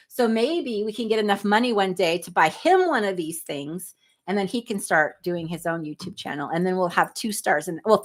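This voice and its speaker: A woman, hosting a casual livestream, chatting and reading viewer comments aloud with frequent laughter. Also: medium pitch. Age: 50s. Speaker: livestream host.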